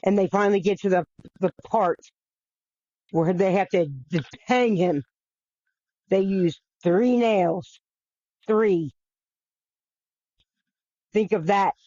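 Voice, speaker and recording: With a mid-range, dark-toned voice, a podcast host slowly retells a bible story, leaving long pauses. His delivery is casual and earnest, full of restarts, repetition and the occasional swear word, on a dull, dry lo-fi recording with no echo.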